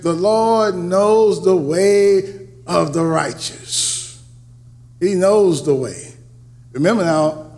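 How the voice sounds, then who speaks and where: A man preaching a sermon, building to emphatic peaks and then dropping low and quiet, often repeating words and restarting phrases. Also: creaky. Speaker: pastor.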